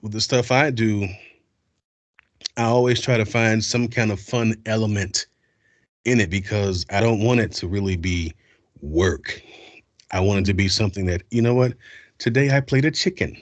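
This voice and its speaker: A male voice actor telling stories in a casual interview, animated and slipping into voices and accents as he talks. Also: medium pitch, no echo. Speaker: voice actor guest.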